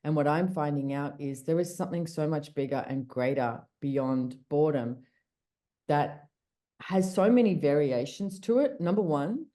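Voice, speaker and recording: A woman with a low, mellow voice talks over a video call. She is chatty and blunt, restarting her sentences and swearing now and then. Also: moderate pace. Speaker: podcast host and guest speaker. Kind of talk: casual call conversation.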